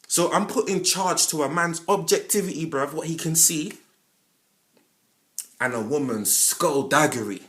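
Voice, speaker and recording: Animated London man with lively pitch. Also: unhurried. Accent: London English. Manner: animated, switches between loud outbursts and low asides; heavy London slang, addresses listener directly. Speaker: podcast host. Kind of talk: impassioned monologue.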